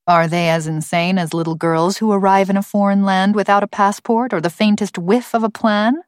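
A woman's voice: medium pitch, steady tone, normal speed, clean tone, dry recording, lightly acted. A woman reading an audiobook and voicing a female computer intelligence who speaks in a dry, clipped, commanding way. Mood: stern.

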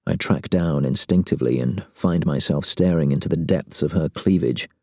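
A man reads a first-person novel with wry, sardonic timing. His voice sits very low and sounds mellow and dark. The recording is close and dry. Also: moderate pace, no room sound. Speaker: audiobook narrator. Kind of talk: first-person audiobook narration.

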